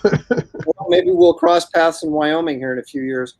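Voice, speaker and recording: A man's voice: fairly high pitch, unhurried, darkish tone, dry recording. A man hosting a casual chat, rambling and restarting his sentences, chuckling often. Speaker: host. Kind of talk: casual chat while drawing.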